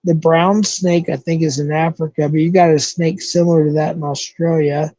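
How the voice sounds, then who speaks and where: A man's voice: a little high, flat delivery, normal speed, warm tone, dry recording, poor audio. A man from the American Southwest hosting a casual live stream, rambling loosely and correcting himself as he chats with viewers. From southwestern United States. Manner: rambling, loose, thinks aloud with fillers and self-corrections.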